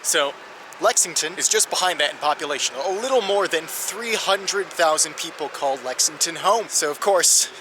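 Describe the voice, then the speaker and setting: A man narrating his travel vlog with a slightly raised voice and an explanatory, dryly humorous manner. He records outdoors in a city, with traffic noise clearly heard behind him. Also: a little high, expressive, moderate pace. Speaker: travel vlogger. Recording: noisy outdoor street recording.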